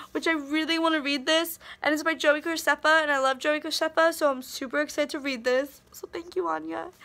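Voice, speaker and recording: A woman's voice: high-pitched, gravelly, bright, forceful tone. A teenage girl chatting through a casual birthday haul vlog, gushing and bubbly, full of fillers and asides to herself. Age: teens. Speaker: vlogger.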